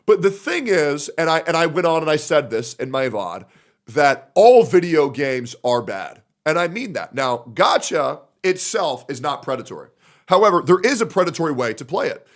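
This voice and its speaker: A man's voice: fairly high pitch, big pitch swings, moderate pace. A young man streaming live, ranting at his chat in a heated, argumentative way and swearing often. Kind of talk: livestream rant to chat.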